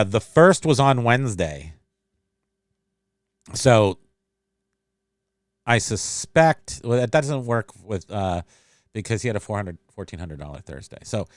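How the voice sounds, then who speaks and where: A man's voice: mid-range voice, no room sound, studio quality. A man hosting a livestream in a casual, rambling chat, reading out and answering viewer comments. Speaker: livestream host.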